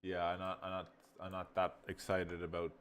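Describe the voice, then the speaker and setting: A man casually reviewing AI video software, rambling and excitable, swearing and saying bro. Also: low voice, normal speed, a little hiss or hum. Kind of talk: casual screen-recording review.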